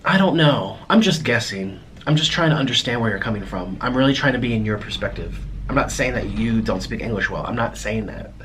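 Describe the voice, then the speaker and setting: A young American man talking casually to his viewers at home in a rambling, halting way, full of restarts. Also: mid-range voice, animated, a bit bright, a little hiss or hum. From United States. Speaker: mukbang vlogger. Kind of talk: casual vlog monologue to viewers.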